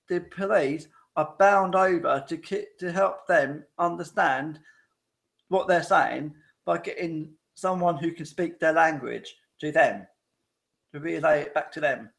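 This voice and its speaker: A man's voice: on the high side, measured pace, vocal fry. A man hosting a casual live-stream chat, rambling and often restarting his sentences while checking in with viewers. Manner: rambling, repetitive, frequent restarts; addresses viewers directly with tag questions.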